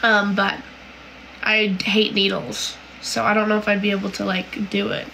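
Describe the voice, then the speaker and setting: A woman's voice: mid-range voice, flat delivery, moderate pace, creaky, sharp tone, a little hiss or hum, poor audio. A woman from Canada hosting a casual livestream, reading viewer comments aloud and answering them in a chatty, giggly way full of "like"s and "um"s.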